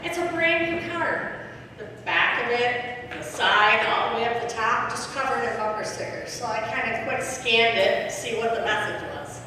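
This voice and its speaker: Woman doing stand-up, chatty storyteller, highish voice, far off in a boomy echo club. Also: moderate pace, sharp tone, a little hiss or hum. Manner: chatty storytelling, asks the crowd questions. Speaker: stand-up comedian. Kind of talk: stand-up set. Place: comedy club stage. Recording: echoey club, heard from far off.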